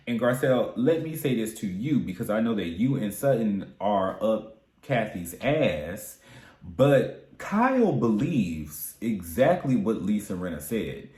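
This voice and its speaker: A man's voice: lowish voice, sing-song, unhurried, a little mellow, roomy sound. A man giving casual, sassy recap commentary on a reality show, chatty and candid with frequent asides.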